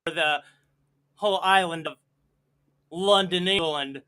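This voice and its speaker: A man's voice: sits high, slow pace, bright, forceful tone, smooth. A man hosting a livestream, joking playfully and laughing often over a video call. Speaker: host. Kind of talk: casual banter on a livestream.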